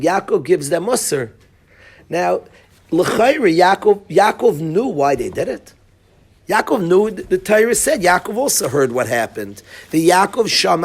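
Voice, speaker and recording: A man lecturing as a rabbi in a Torah class, telling the story with animated energy and sprinkling in Hebrew and Yiddish terms. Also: sits high, husky. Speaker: rabbi, yeshiva head.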